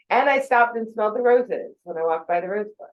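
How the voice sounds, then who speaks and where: A woman's voice: medium pitch, animated, fairly quick, dull audio. A woman in her forties giving a casual, conversational talk about thinking habits, with fillers and quoted asides. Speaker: speaker on mental health.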